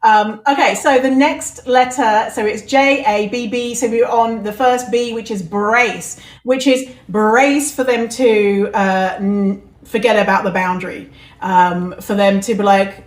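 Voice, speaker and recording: A woman's voice: mid-range voice, steady tone, measured pace. A woman hosting a podcast, talking candidly and laughing easily in casual chat. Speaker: podcast host. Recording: echoey room.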